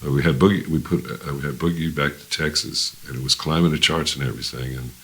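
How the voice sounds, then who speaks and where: An older man with an extremely deep voice that still carries a bright, forceful edge. He is a veteran musician spinning rambling anecdotes in an interview, circling back, restarting and chuckling as he goes. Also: steady tone, fast talker, a little hiss or hum. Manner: rambling anecdotal storyteller, many restarts and laughs. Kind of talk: storytelling interview.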